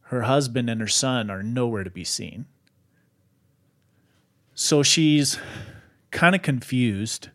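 A man casually retelling a paranormal story on a podcast, animated and full of fillers. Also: medium pitch, slow pace, pauses often. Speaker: podcast host.

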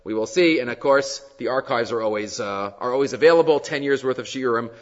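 A man giving a Torah class, teaching with animated delivery and weaving Hebrew and Aramaic quotes into English. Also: mid-range voice, a little fast, long reverb tail, highs cut off. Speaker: rabbi giving a weekly class.

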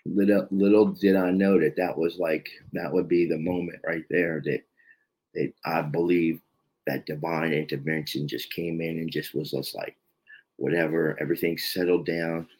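Low-voiced man in his fifties from South Jersey, halting confessional guest storyteller, lots of fillers. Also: steady tone, darkish tone, husky, poor audio. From South Jersey, USA. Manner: halting, repetitive, many "you know" fillers. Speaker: podcast guest in recovery.

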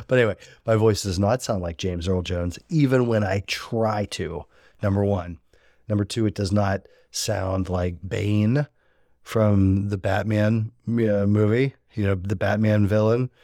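A man's voice: fairly low pitch, darkish tone, dry recording, studio quality. A man hosting a cooking podcast, chatting casually in a rambling, self-deprecating, joking way. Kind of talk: casual chat. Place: rural homestead.

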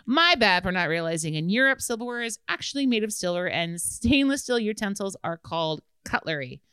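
A woman's voice: mid-range voice, very animated, a little fast, bright, forceful tone, clear, resonant tone, dry recording. A woman co-hosting a podcast, reading a listener's letter aloud in casual chat, laughing often and swearing freely. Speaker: podcast co-host.

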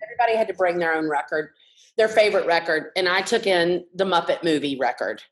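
A woman's voice: on the low side, fast talker, poor audio. Profane, frank woman spinning stories. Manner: frank, profane, animated storyteller. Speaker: guest artist. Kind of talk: casual podcast chat, storytelling.

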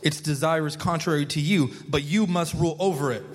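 A pastor preaches in a church sanctuary in a loose, conversational style, often restarting and repeating words and prompting the congregation to respond. His voice is a little high and fairly quick, with long hall reverb on the recording.

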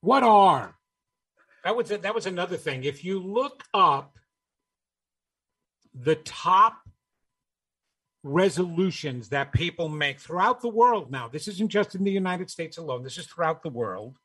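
A man's voice: high-pitched, expressive, unhurried, pauses often, a bit bright, husky. A man giving a motivational talk, emphatic and rhetorical, repeating his key phrases and asking the listener questions. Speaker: speaker on New Year's resolutions.

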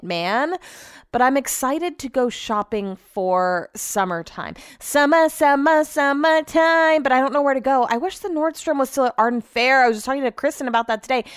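A woman's voice: a little high, clean tone, dry recording, clean studio sound. A young woman rambling casually through a vlog, swearing freely and breaking off to scold her dogs. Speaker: vlogger.

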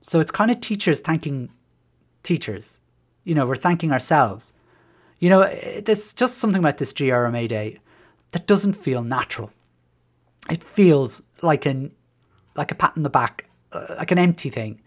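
Sardonic Irish man with a lively voice. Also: a little high, normal speed, pauses often. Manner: rambling, sardonic, many restarts. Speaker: podcast host, teacher. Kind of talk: casual monologue.

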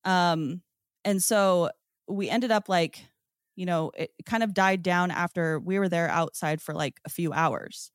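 A woman guest on a podcast, telling her own story in a casual, excited way, with lots of "like" and "um". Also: lowish voice, a little slow, clear, resonant tone, no echo, clean studio sound. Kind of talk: casual first-person storytelling.

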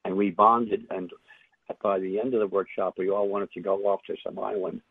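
An older man tells his story as an interview guest, reflective and halting, with many fillers and restarts. His voice is low, gravelly and husky. It comes over a dry, tinny phone line. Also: little pitch movement, no echo.

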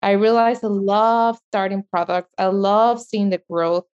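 Woman, Mexican accent, middle-aged, interview guest, passionate and animated, dull lo-fi audio. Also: medium pitch, unhurried, clear, resonant tone. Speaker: guest, media entrepreneur. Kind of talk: interview conversation.

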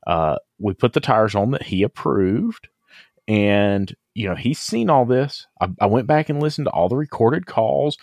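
A man hosting a podcast, recounting a customer story in casual chat, with many halting restarts and fillers. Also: mid-range voice, animated, vocal fry, a little mellow, no echo, studio quality.

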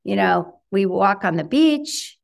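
A woman in middle age, a guest in an interview, talking in a chatty, animated way with lots of fillers and acted-out quotes of her own thoughts. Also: mid-range voice, slow, vocal fry. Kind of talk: conversational interview.

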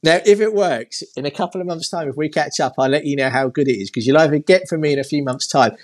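A man's voice: on the high side, quick pace. A young man co-hosting a casual podcast chat as an expectant father, rambling and laughing at himself.

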